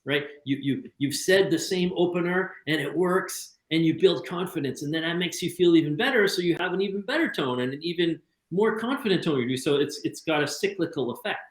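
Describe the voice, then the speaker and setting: A male podcast host talks fast in a casual, chatty way, tripping over his own restarts and repeating words as he goes. His voice sits a little high. The sound carries a noticeable room echo. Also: expressive. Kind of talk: casual conversation.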